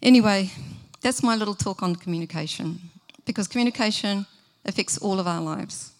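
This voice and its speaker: A woman's voice: mid-range voice, a little fast. A middle-aged woman, giving a sermon in an earnest, conversational way and asking the listeners questions. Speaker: preacher.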